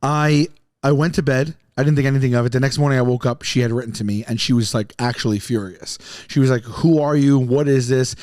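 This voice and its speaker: A man telling a long comic story on a podcast, rambling and animated, often stumbling over his words. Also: mid-range voice, fast talker, no echo, clean studio sound. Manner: rambling, animated, self-interrupting.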